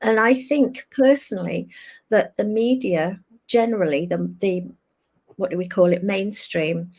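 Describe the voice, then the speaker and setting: An older woman, a guest on a talk show, telling a candid personal story over a video call and acting out her own past thoughts in animated quoted asides. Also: mid-range voice, unhurried.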